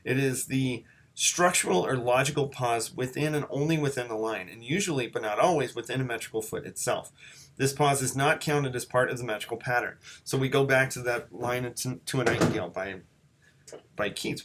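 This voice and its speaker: A man teaching a recorded lesson on poetry, thinking aloud with frequent restarts, and pausing to read passages aloud. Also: medium pitch, a bit bright.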